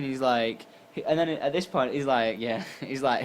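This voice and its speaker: Young English man, tired, animated retelling, quotes with sharp pitch leaps, faint noise. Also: unhurried. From England. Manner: animated, acts out quotes with jumps in pitch and volume. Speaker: YouTuber. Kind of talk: casual storytelling to camera.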